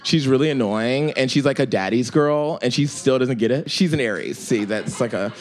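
Young guy telling a funny story, swears a lot, lots of ums, jumps way up high then drops low. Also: normal speed, a little hiss or hum. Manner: animated, profane, rambling with many fillers. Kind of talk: comic storytelling.

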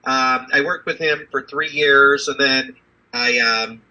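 A man's voice: mid-range voice, steady tone, slow, sharp tone, muffled recording. A man in his fifties, a physician and business executive, telling his story in a rambling, conversational interview with many fillers.

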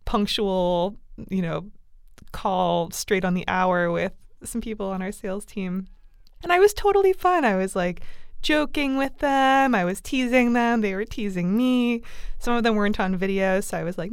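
Smooth-voiced woman telling a candid story. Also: medium pitch, dry recording, clean studio sound. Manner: animated, laughing often, lots of fillers.

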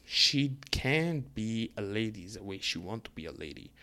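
A man's voice: lowish voice, sing-song, moderate pace, bright, forceful tone. A man giving a casual, heated opinion rant as a vlogger answering comments, blunt and full of swearing.

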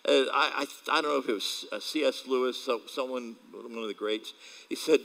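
A man preaching a sermon in a lively, storytelling way, slipping into quoted voices and chuckling between points. His voice sits at a middle pitch for a man, and his delivery swings from loud punchlines to quieter asides. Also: moderate pace, gravelly, rough recording. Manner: animated storytelling with laughs and acted quotes. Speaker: pastor.

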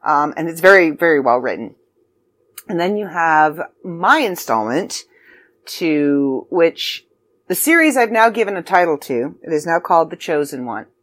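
A woman's voice: low-pitched, very animated, normal speed, fairly bright tone, no echo. A woman hosting a podcast about her magazine, chatty and a bit scattered, with frequent ums and asides. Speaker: podcast host and magazine contributor. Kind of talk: casual podcast chat.

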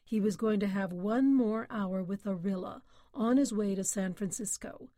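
Woman reading a classic short story aloud, mid-pitched, dry close sound. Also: moderate pace, warm tone, no echo. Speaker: audiobook narrator. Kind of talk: scripted narration.

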